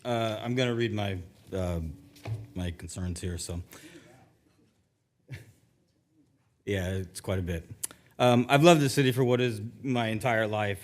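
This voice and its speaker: A middle-aged man giving public comment at a council meeting from a podium microphone, nervous and emotional, halting and restarting often. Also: fairly low pitch. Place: council chamber.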